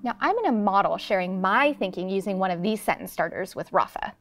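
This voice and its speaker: Expressive woman teacher reading aloud. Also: medium pitch, brisk, faint music behind. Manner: expressive storybook reading with voices. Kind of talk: classroom read-aloud lesson. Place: studio classroom.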